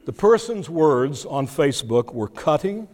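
A man preaching an expository sermon, teaching deliberately with occasional restarts and fillers. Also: fairly high pitch, sing-song, a little mellow. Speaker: pastor. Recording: long hall reverb.

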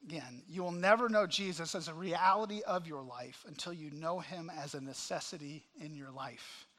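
A man preaching a sermon to a congregation, impassioned, swinging between loud cries and hushed asides. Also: fairly high pitch, normal speed. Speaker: pastor. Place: church sanctuary.

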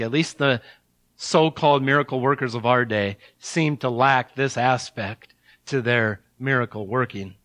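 A male pastor preaching an expository sermon, reading scripture aloud with strong emphasis and sudden drops to a hushed tone. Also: mid-range voice, dry recording.

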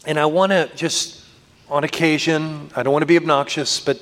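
Male pastor, fairly high voice, earnest sermon delivery, long church reverb. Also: steady tone, a bit bright. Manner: earnest preaching, slows and lifts for scripture. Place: church sanctuary.

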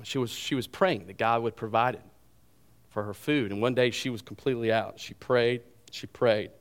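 Man, pastor, sermon, animated storytelling, humorous asides, mid-pitched voice. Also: moderate pace.

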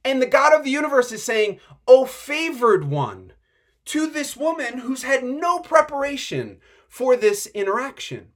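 A male pastor gives a conversational sermon with lots of energy, often stopping to say "like" and swinging from hushed to eager. His pitch moves all over the place, dipping low and then rising quickly. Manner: animated, chatty, excitable, uses filler "like".

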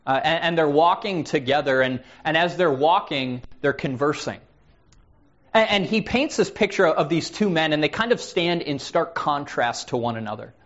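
A man's voice: on the high side, animated, normal speed, fairly bright tone. An earnest male preacher with a slightly raised voice who often repeats a word as he begins a phrase. The recording sounds a bit dull and lo-fi. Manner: earnest, repeats words when starting phrases. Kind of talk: sermon.

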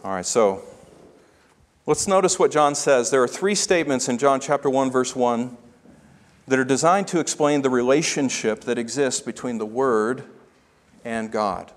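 A man preaching a sermon as pastor, emphatic and slowing down to stress key phrases. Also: medium pitch, big-room sound.

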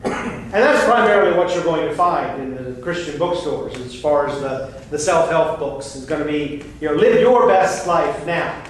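A man's voice: on the high side, moderate pace. A man, a pastor, preaching an earnest, emphatic sermon with frequent restarts. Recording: very echoey room, voice far from the mic, faint noise.

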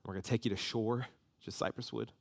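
A man, preaching a sermon and telling a story with lively emotion. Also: lowish voice, brisk, vocal fry. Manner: animated storytelling, voices rising with emotion.

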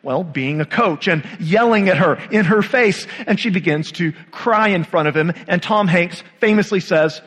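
Pastor preaching in an echoing church. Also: male voice, sits high, fairly bright tone. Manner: conversational, with dramatic pauses and rhetorical questions. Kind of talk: sermon. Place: church sanctuary. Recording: church hall reverb.

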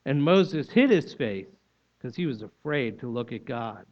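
A man's voice: medium pitch, sing-song, unhurried. A man preaching a sermon, explaining scripture in a teaching manner with emphatic repetition. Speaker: pastor. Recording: dull lo-fi recording.

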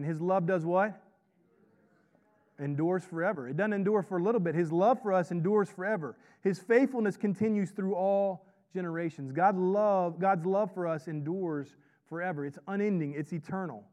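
A man's voice: high-pitched, brisk, darkish tone. A man who is a pastor and chaplain, preaching a sermon in a conversational way and often checking in with "right?". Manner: conversational, repeats "right?" to draw in the congregation.

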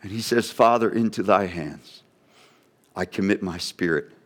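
A man's voice: sits low, a little slow. A man preaching a sermon, dramatically voicing an onlooker's wondering questions. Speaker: pastor.

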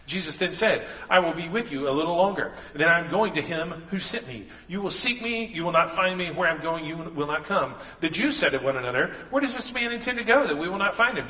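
Pastor, man, bright forceful voice, casual preaching style, echoey church hall. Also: a little high. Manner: conversational preaching with asides and restarts. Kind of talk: sermon. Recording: echoey hall with long reverb.

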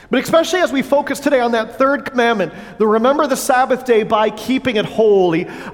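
A pastor preaching a sermon in a church, earnest but breaking into playful asides to the congregation on a wireless mic. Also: male voice, very high voice. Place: church sanctuary. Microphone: wireless headset or lapel mic with battery pack. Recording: long church hall reverb.

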